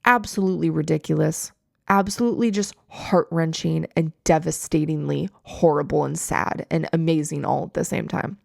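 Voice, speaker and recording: Chatty young woman with vocal fry. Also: sits low, normal speed, dry recording, clean studio sound. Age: 20s. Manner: chatty, slangy, animated storytelling. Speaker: podcast host. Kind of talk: casual chat.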